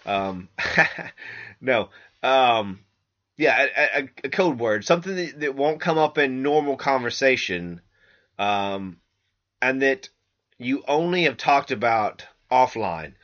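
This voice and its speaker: A man hosts a podcast in a loose, profane monologue, full of fillers and restarts. His voice is bright and sharp, at a middling pitch. The sound is dull and lo-fi, recorded on a laptop microphone. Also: expressive, slow. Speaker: podcast host. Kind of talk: casual rambling monologue.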